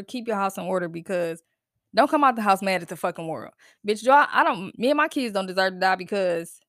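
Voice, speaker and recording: A podcast host rants alone on her casual solo show, blunt and full of profanity, firing off disbelieving questions. Her voice sits at middling pitch and sounds a bit bright. The close mic is dry, with no room sound at all.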